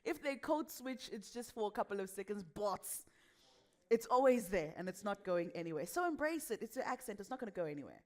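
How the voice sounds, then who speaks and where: A young adult woman with a West African accent leads a lively workshop on voice and speaking. She talks with energy and laughs often. She acts out the voices of the people she quotes. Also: medium pitch, fast, few pauses. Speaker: voice and speaking coach.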